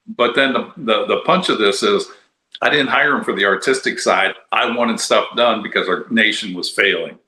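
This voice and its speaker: A man's voice: lowish voice, moderate pace, pushed and bright. Older man chatting in an echoey room. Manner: rambling, conversational, many fillers. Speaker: podcast co-host, former congressman. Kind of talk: casual political chat. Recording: roomy echo.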